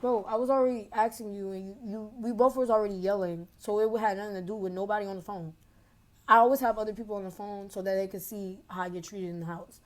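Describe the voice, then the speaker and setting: A woman's voice: medium pitch, steady tone, quick pace. A young adult woman caller telling a long story in casual, rambling talk over a phone connection, filling gaps with "blah, blah".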